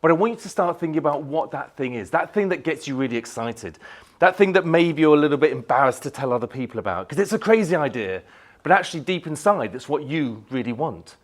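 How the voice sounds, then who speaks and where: Animated British motivational speaker, man. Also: fairly high pitch, fast. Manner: animated storytelling, acting out shouts and inner thoughts. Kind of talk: motivational keynote talk. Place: event venue before a live audience.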